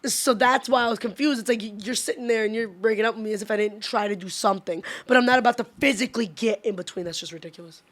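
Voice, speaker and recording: A woman's voice: a little high, fast, few pauses, a bit bright. A young woman telling a story in casual podcast chat, chatty and laughing often, with lots of "like".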